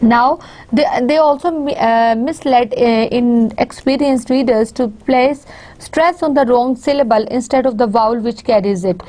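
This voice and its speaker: A woman lecturer with a Pakistani English accent, a native Urdu speaker, explaining at a steady pace with frequent fillers and restarts. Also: fairly high pitch, unhurried. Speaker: university lecturer. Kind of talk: recorded online lecture.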